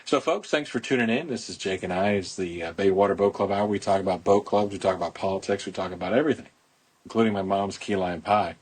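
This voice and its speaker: Husky-voiced man chatting outdoors on a phone. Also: deep voice, fast talker, darkish tone. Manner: rambling, folksy promotional chatter. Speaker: podcast host, boat club owner. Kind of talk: casual podcast chat.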